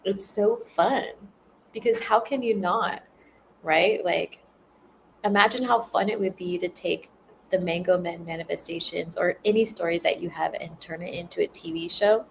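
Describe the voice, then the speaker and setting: Giggly rambling woman with vocal fry. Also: lowish voice, normal speed, slight background noise, poor audio. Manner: giggly, rambling, laughs often. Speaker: spiritual content creator. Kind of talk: casual livestream chat.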